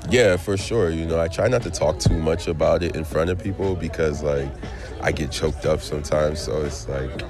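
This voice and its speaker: A man with a very low voice talks in a laid-back, grateful way, his words heavy with emotion and a choked-up edge. He sounds distant from the mic, with music playing clearly behind him at a public event. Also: normal speed. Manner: laid-back, laughs often, fillers like "you know". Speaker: retired football player. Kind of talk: emotional speech and casual interview. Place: city hall event, indoors.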